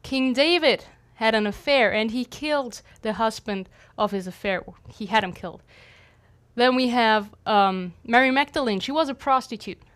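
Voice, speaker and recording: A woman's voice: fairly high pitch, normal speed, a bit bright. A young adult woman, a missionary, giving an earnest, conversational devotional talk with light humor.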